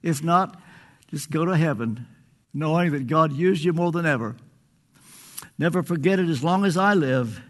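A man's voice: a little high, animated, normal speed, long pauses. An older man preaching a sermon, earnest and pleading, stretching out phrases for emphasis.

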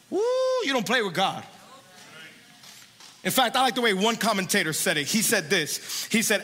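Bright, high-voiced preaching man. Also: normal speed, long pauses. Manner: animated, conversational, with rising sung emphasis. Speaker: pastor. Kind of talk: sermon. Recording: echoey hall.

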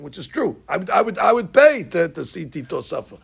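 A man teaching a Talmud class, telling stories in an animated way and acting out the lines. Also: high-pitched, fairly quick, vocal fry, few pauses, husky. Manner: animated storyteller, acting out lines with rising shouts. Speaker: Torah teacher.

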